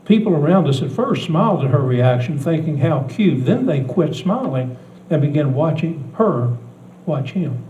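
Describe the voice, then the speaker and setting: An older man preaching a sermon in a church, telling a story earnestly, swinging between hushed and loud delivery. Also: on the high side, lively intonation, normal speed, echoey room, recorded from a distance, lo-fi sound, slight background noise. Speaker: pastor.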